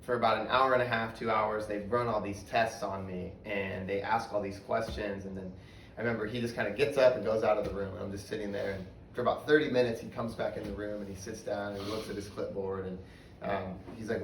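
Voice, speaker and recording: A young man giving a candid personal testimony in a sermon, often dropping to a hushed voice. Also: fairly low pitch, fairly even intonation, brisk, slight background noise. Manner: candid, storytelling, drops to a hushed voice for hard memories. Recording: roomy, from a distance, faint ambience.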